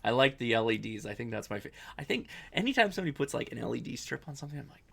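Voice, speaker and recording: Gravelly-voiced man hosting a live Q&A. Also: mid-range voice, very animated, very fast, a bit bright. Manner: chatty, rambling, self-correcting. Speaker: livestream host answering viewer questions. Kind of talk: casual live-stream Q&A.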